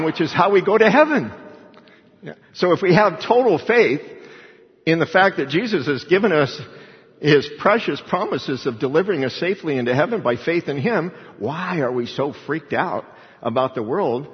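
A middle-aged man giving an informal Bible teaching, talking conversationally and reading scripture aloud. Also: mid-range voice. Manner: conversational, reads scripture aloud, chuckles often. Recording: dull sound with long hall reverb.

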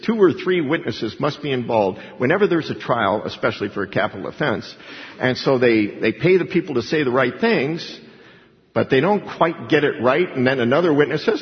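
Man, pastor; lively sermon delivery that acts out quoted voices; long hall reverb, muffled lo-fi sound. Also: mid-range voice. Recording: dull lo-fi recording with hall reverb.

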